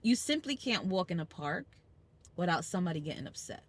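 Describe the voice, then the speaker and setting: In a car on the school commute, a Brooklyn woman with a New York accent hosts a casual family chat podcast, telling stories emphatically and acting out the people she quotes. Her voice is fairly low and breathy-edged, and she talks fairly quickly.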